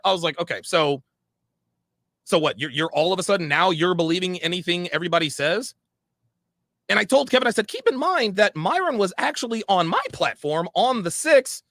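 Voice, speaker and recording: A man telling a heated story in a profane, animated way, acting out the quoted conversations. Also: high-pitched, creaky, no room sound, studio quality. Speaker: podcast host.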